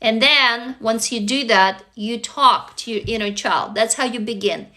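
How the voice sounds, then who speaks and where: Woman, Russian native speaker, fairly high voice, bright and crisp, earnest coaching tone, live phone stream. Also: unhurried. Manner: earnest, coaching, asks viewers questions. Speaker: livestream host and author. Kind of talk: casual live-stream talk.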